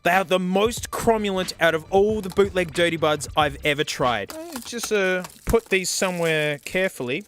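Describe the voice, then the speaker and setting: A man from South Australia with an Australian accent, narrating a comedic thrift-store vlog in an excitable, joking way. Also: high voice, moderate pace, hardly any pauses, faint music behind. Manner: excitable, joking, peppered with "mate". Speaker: vlogger.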